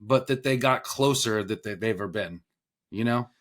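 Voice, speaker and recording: A man co-hosting a casual podcast, talking in a reflective way that trails off softly. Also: fairly low pitch, normal speed. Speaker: podcast co-host. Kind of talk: casual chat.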